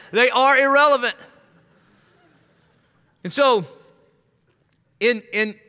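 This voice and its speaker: A male pastor preaches with a bright, forceful voice sitting a little high for a man. He is humorous and keeps slipping into quick acted-out exchanges. The long reverb of a large church hall trails behind every line. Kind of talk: sermon.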